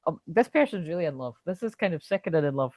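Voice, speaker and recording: Excitable, foul-mouthed woman reading tarot. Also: low voice, fast, no echo. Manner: chatty, excitable, swears freely, thinks aloud. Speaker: tarot reader. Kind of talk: casual tarot reading to camera.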